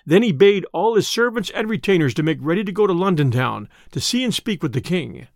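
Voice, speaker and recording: A man reading an old tale aloud in an expressive, theatrical narration. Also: high-pitched, a little fast, no echo, clean studio sound. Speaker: storyteller.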